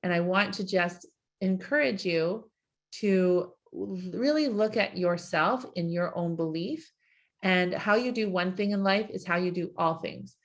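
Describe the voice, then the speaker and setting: A woman's voice: fairly low pitch, measured pace. A woman life coach giving a live-streamed coaching talk, encouraging and asking her audience many questions.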